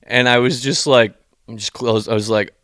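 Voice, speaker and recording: A young man spinning a long, profane story on a podcast, jumping into the voices of the people in it. His voice sits at an ordinary pitch and is recorded close and dry, with no room sound. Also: normal speed, no echo. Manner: profane, animated storyteller acting out quotes. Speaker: podcast co-host. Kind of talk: casual chat, long-winded storytelling.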